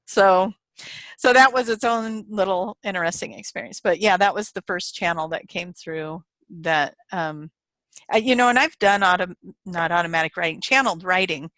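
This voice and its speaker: A woman's voice: on the low side, moderate pace, no room sound. Woman guest telling a spiritual story. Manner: animated retelling with quoted voices and laughs. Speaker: interview guest, hypnotherapist. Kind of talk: casual storytelling in an interview.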